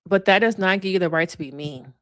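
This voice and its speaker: A woman's voice: fairly low pitch, quick pace, fairly bright tone, dry recording, studio quality. A woman therapist giving casual, frank livestream commentary with plenty of slang and laughter. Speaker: therapist reviewing reality TV.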